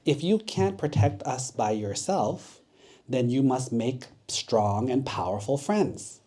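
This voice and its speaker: A wise, careful female bird from a children's storybook, as a man puts her on. She gives advice calmly and thoughtfully, in a dark, mellow voice. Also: mid-range voice, slow.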